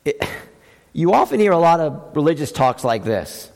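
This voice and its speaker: Man, pastor, sermon, high voice, emphatic rhetorical questions, church hall reverb. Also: big pitch swings, normal speed, vocal fry. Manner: emphatic preaching with rhetorical questions, swinging from loud highs to quiet lows.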